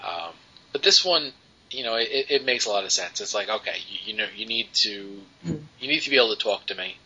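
A man's voice: on the low side, lively intonation, brisk, bright, forceful tone, a little hiss or hum. A man co-hosting a podcast, reviewing comics in casual chat with many ums and restarts. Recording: dull lo-fi podcast audio.

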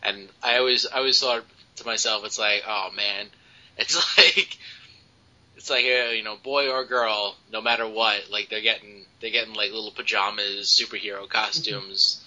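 A man's voice: lowish voice, fairly even intonation, normal speed, sharp tone. A man hosting a podcast, chatting casually and rambling with jokes. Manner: joking, rambling, laughs often. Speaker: podcast host. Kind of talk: casual chat. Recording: lo-fi podcast recording.

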